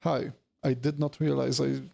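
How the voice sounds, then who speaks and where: A man's voice: medium pitch, level tone, normal speed, gravelly, a little mellow. A man streaming a game after work, tired and rambling, chatting casually with viewers and swearing freely. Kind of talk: casual gaming livestream chat.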